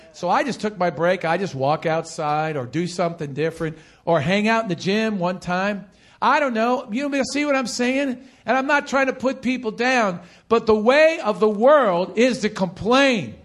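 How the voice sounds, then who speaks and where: A man's voice: high voice, moderate pace. A man preaching a sermon as pastor, calling on the congregation to repeat phrases and hammering points home by repetition. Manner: animated preaching with call-and-response.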